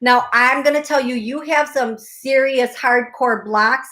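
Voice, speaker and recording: Effusive psychic host, high voice. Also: female voice, measured pace, bright, forceful tone. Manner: effusive, emphatic, repeats phrases. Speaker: psychic medium radio show host. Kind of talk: call-in psychic reading.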